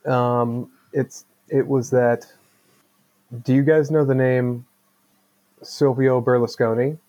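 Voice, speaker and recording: A man's voice: medium pitch, steady tone, slow pace, dark tone, highs cut off. A man chatting on a podcast as a guest, rambling and hedging with lots of "like". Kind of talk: casual podcast chat.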